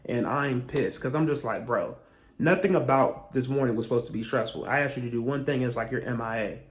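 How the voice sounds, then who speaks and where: A young man telling a storytime vlog, profane and heated, with animated rants he acts out as quotes. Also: medium pitch, fairly quick. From Virginia, US. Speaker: vlogger.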